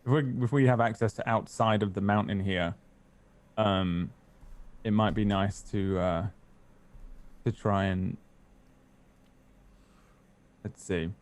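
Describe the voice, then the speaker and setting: A man playing a tabletop game over a call, relaxed and joking, laughing often. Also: on the low side, takes it slowly, long pauses. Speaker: player. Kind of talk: casual tabletop game chat.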